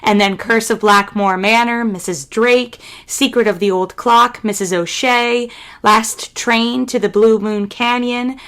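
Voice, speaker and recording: A woman hosts a podcast and asks her guest questions with enthusiasm. Her voice sits a little high, and she reads through a list briskly. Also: steady tone, fairly bright tone, smooth. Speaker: podcast host. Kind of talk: interview questions.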